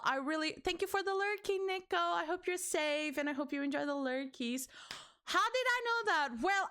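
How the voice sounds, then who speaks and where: A young woman streamer chatting casually with her viewers, excitable and teasing, swearing freely and laughing often. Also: sits high. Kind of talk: casual livestream chat with viewers.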